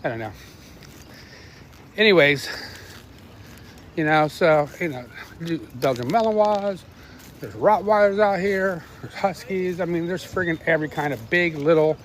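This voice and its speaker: A middle-aged man chatting casually while walking his dogs outdoors, rambling, swearing freely and barking quick commands at the dogs. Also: on the high side, slight background noise. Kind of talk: casual live-stream chat. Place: outdoors on a neighborhood walk.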